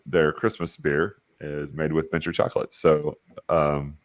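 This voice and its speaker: A man's voice: a bass voice, level tone, unhurried, dry recording. A man co-hosting a podcast, easygoing and joking in casual chat. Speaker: podcast co-host.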